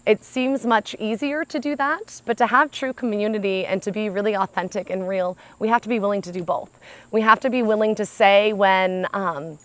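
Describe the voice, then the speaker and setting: A woman's voice: mid-range voice, no echo. Chatty American woman telling a story. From United States. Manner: animated, chatty, often says "like". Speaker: speaker. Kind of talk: personal storytelling talk.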